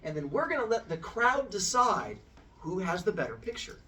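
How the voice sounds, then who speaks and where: A man's voice: high voice, very animated, normal speed, sharp tone, distant mic, pitched above the performer's own voice, heavily acted. A man playing a bossy, proud goddess. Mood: commanding. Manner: commanding, exaggerated, breaks into shrieks. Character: proud female goddess, bossy and quick to anger.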